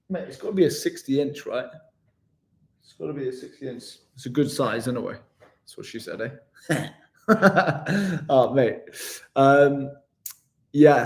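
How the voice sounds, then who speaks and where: Self-deprecating and fond of saying "mate," a man from West Yorkshire, England chats casually while taking viewer questions in a live vlog Q&A. The voice is fairly high in pitch and a little mellow.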